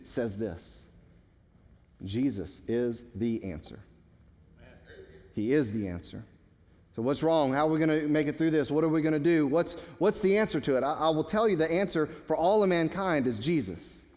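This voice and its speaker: A man's voice: a little high, moderate pace, a little mellow. A man preaching a sermon in a church, emphatic, with stammered restarts. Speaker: pastor. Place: church sanctuary. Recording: long hall reverb.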